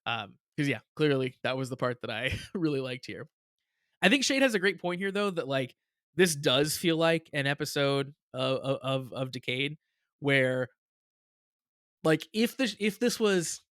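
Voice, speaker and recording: Chatty man, slightly high voice. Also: fairly bright tone, no echo, studio quality. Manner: chatty, laughs often, repeats words. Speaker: podcast co-host. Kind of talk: casual review chat.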